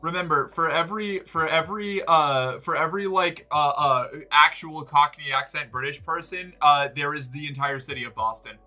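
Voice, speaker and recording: Casually chatting on a livestream, an American man rambles with heavy fillers and free swearing. His slightly high, sharp-toned voice moves at normal speed with hardly any pauses, and faint music plays behind him.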